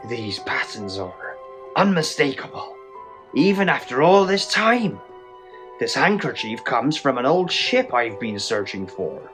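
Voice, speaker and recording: A gamer voicing a mysterious, formal male collector in a video game, speaking slowly in a low, strained, would-be gravelly voice. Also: sing-song, a bit bright, faint music behind. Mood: stately. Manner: slow, low, stately delivery.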